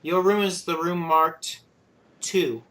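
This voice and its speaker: A man narrating as game master in a tabletop game, halting often with fillers. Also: on the high side, fairly even intonation, fairly bright tone.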